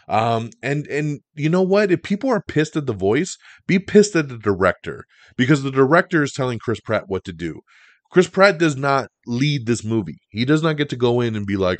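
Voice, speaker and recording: A man hosting a podcast, running through entertainment news in a casual, animated way. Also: medium pitch, moderate pace, no room sound. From Italian heritage. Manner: animated, chatty, breaks into goofy impressions. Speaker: podcast host.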